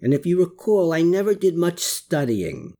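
A narrator voicing a reluctant middle-aged man who grumbles and mutters, pitched well above their own voice. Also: wildly swooping pitch, slow, dark tone, heavily acted. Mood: grumbling. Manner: grumbling, put-upon.

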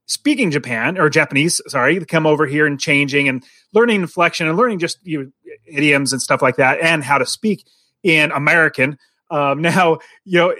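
A man co-hosting a podcast from a basement, talking casually in a rambling, halting way and laughing often. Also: on the high side, bright, forceful tone, no room sound, studio quality. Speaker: podcast co-host. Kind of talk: casual chat. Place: home basement.

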